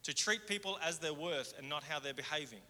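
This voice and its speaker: Preacher, high and bright. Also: male voice, fairly quick. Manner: conversational, swings between fervent and hushed. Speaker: pastor. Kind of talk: sermon. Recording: hall reverb.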